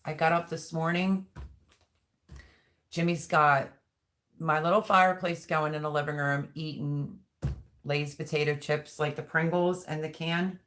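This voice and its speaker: A woman's voice: sits low, a bit bright. A middle-aged woman hosting a live stream, chatting casually and rambling as she reads viewer comments aloud. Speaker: livestream host.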